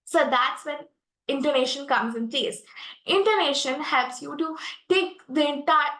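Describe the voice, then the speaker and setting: A woman's voice: high-pitched, unhurried, bright, forceful tone, reverberant, low-quality recording. A young woman with an Indian English accent teaching a public speaking lesson, earnest and full of fillers and restarts. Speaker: guest expert speaker.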